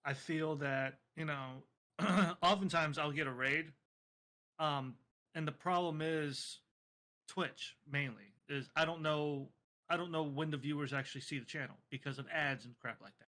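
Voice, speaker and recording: A man's voice: a little high, unhurried, sharp tone. A man speaking as a podcast guest in casual chat, laid-back and offhand with some swearing.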